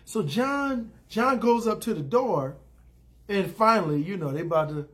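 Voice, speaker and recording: A man with a slightly higher voice talks through a recap in a loose, rambling way, full of fillers and restarts. He stays casual and blunt, slipping into short acted-out lines for the characters. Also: animated, fairly bright tone. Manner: acts out characters' lines in quick asides; blunt, opinionated asides. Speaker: TV episode recapper.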